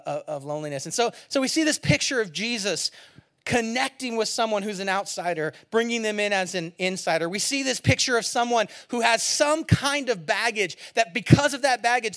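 A man preaching a sermon as pastor, animated and quick to laugh, swinging from loud emphasis to hushed, quiet lines. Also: high-pitched.

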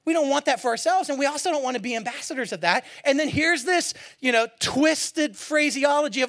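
A man's voice: very high-pitched, expressive, fairly quick, few pauses, fairly bright tone. A middle-aged man preaching a sermon as a pastor, in a conversational, joking way that acts out what people say.

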